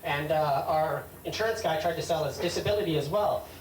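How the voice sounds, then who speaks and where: A stand-up comedian with a fairly high pitch speaks fairly quickly, rambling and hesitating while he talks back to hecklers. A slight hiss or hum sits under roomy club sound from a distant mic and a loud crowd.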